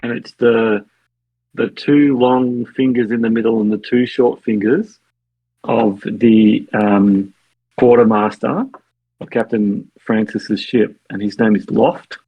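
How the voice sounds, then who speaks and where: A man narrating as game master, halting and full of fillers, often laughing. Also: lowish voice, steady tone, husky, no room sound, highs cut off.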